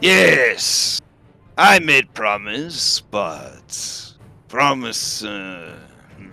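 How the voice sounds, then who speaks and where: A man voicing a blue-nosed giant who speaks in halting, broken phrases. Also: medium pitch, big pitch swings, vocal fry, bright, forceful tone, soft background music, heavily acted. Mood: grudging. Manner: halting broken speech, slow.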